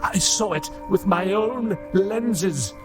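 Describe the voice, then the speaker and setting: A man playing an old, spindly, broken male robot priest who pleads desperately and haltingly. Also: high-pitched, over loud music, voice pushed up. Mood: pleading.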